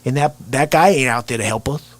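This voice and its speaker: A man doing a raspy gruff fed-up guy. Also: medium pitch, a little fast, lightly acted. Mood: grumbling. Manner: blunt, lecturing.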